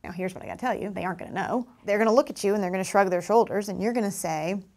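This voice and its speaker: A woman's voice: mid-range voice, very fast, hardly any pauses, a little mellow. A woman teaching parents and teachers how to respond to children, acting out kids' voices and adult replies. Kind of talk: instructional talk to parents and teachers.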